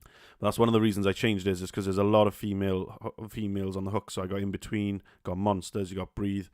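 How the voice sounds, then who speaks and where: A man's voice: low voice, level tone, a little mellow, dry recording. Man, Welsh accent, podcast host, casual, hesitant, restarts, swears, dry close sound. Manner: halting, many restarts and fillers, casual swearing. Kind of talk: solo podcast chat.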